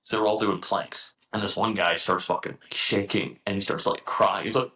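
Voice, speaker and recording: A man's voice: on the low side, steady tone, normal speed, hardly any pauses, pushed and bright, rough recording. A young man being interviewed who tells blunt, profane stories in casual chat. He is a guest talking about his life in the air force.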